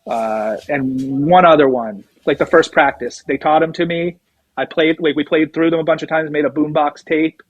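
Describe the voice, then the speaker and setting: On a relaxed interview, a middle-aged drummer guest tells a meandering story, voicing the lines of other people. He sounds a little high with fairly even intonation at a moderate pace, and the recording is dry but muffled.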